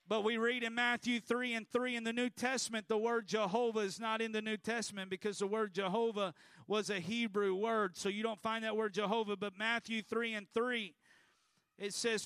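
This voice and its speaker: A man's voice: sits high, fairly bright tone, clean tone, no room sound. A male pastor preaching a sermon emphatically, prompting the congregation to repeat after him.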